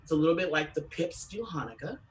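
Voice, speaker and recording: A woman telling stand-up stories from California, animated and acting out voices with big pitch jumps. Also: fast talker, distant mic, poor audio. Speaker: comedian. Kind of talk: stand-up storytelling.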